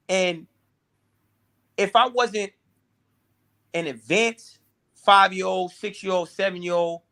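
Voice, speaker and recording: A man's voice: high voice, pushed and bright. A man with a slightly raised voice tells a painful personal story as an interview guest. He talks intensely, circling back and repeating words as he pushes through.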